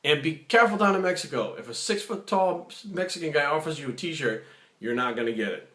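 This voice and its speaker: A man telling a story in a casual vlog, animated, acting out other people's lines. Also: fairly high pitch, fairly quick. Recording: echoey room.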